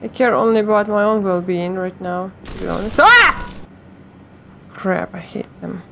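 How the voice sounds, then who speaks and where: Her pitch is medium, her delivery expressive and unhurried, and her voice creaky, pushed and bright, with a little hiss or hum behind it. She's a gamer commenting on her own let's play, swearing heavily, yelping and shrieking at jump scares, and addressing herself and viewers.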